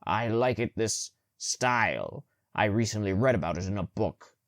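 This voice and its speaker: A man voicing a short-tempered male ruler with a deep, gravelly, hoarse voice, booming and stumbling over words as he reads aloud. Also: lively intonation, moderate pace, no echo, clean studio sound. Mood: barking.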